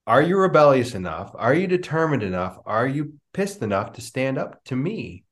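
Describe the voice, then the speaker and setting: A middle-aged man, a business coach, answering interview questions with lively storytelling and acted-out dialogue over a video call. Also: medium pitch, moderate pace. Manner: animated storyteller, acts out quoted dialogue. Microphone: remote video call.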